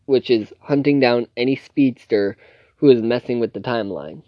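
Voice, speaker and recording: A man's voice: mid-range voice, moderate pace, dry recording, highs cut off. A man casually recapping a TV series plot in a loose, rambling way, full of fillers and self-corrections. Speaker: TV series reviewer.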